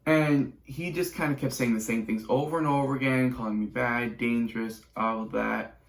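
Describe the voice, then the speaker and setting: Gravelly-voiced teen boy telling a story. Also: mid-range voice, steady tone, moderate pace. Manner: chatty, sarcastic asides, rambling restarts. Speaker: YouTuber. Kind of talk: casual storytime vlog. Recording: roomy echo.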